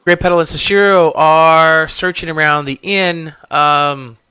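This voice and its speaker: A man's voice: on the high side, steady tone, measured pace, pushed and bright, clean tone, no room sound. A man narrating a tabletop game as game master, describing scenes with many ums and uhs.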